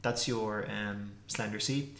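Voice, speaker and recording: A man teaching a casual pronunciation lesson, repeating consonant sounds slowly to demonstrate them. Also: on the low side, steady tone, gravelly, a bit bright, slight background noise. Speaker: language teacher. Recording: echoey room.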